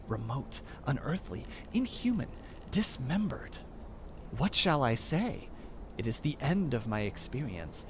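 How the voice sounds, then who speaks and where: Man reading a horror tale, lively and stumbling. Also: mid-range voice, a little hiss or hum. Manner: stumbles over words and restarts them. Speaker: streamer reading aloud. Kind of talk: reading a horror story aloud.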